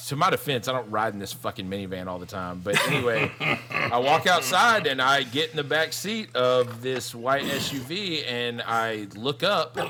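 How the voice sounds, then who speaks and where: A man's voice: medium pitch, sharp tone, slight background noise. A man telling a story as a podcast co-host in casual chat, rambling and cursing, often breaking into laughter.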